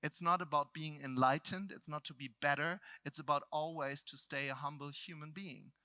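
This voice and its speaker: A middle-aged man from Germany with a German accent, telling a personal story to a live seminar audience. He swings between loud outbursts and quiet reflection. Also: on the high side, steady tone, moderate pace, dry recording. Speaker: motivational speaker.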